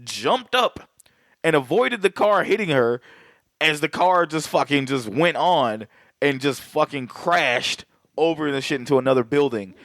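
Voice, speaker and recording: Animated swearing man on a dry headset mic. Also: on the high side, unhurried, no echo. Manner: animated, swears constantly, laughs often. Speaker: podcast co-host. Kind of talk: casual profane movie chat.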